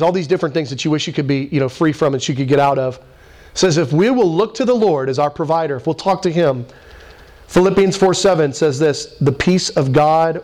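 Animated high-voiced male preacher. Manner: animated preaching, swings high for emphasis, acts out quoted voices. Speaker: pastor. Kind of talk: sermon.

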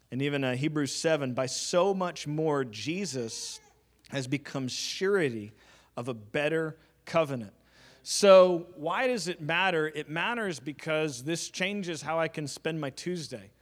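Guy preaching a sermon, a bit higher voice, super conversational, tosses in like and you know, cracks little jokes. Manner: conversational teaching with casual fillers and joking asides.

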